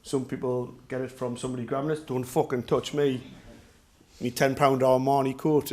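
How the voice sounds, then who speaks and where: A middle-aged man with a Geordie accent from North East England, who teaches self-defence, chats casually with his class through meandering, humorous anecdotes. His voice is mid-range and a little mellow.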